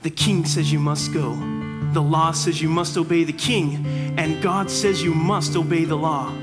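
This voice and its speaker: An actor playing Mordecai, the caring older cousin and guardian, speaking and singing firmly but gently in a musical play. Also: male voice, fairly high pitch, steady tone, measured pace, close to an everyday voice. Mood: tender. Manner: gentle, firm, consoling. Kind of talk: musical theatre, spoken and sung. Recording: loud music underneath.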